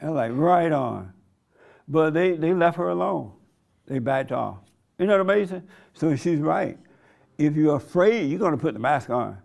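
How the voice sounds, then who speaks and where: A man's voice: on the high side, expressive, moderate pace, gravelly, darkish tone. A man preaching an informal sermon, blunt and conversational, with a folksy way of telling stories. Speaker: preacher and host.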